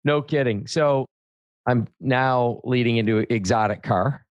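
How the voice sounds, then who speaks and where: A man hosting a talk show, telling lively car-sales anecdotes in a casual chat. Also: mid-range voice, a little slow, no echo, lo-fi sound. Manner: animated anecdotes, acts out quoted customers. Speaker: podcast host.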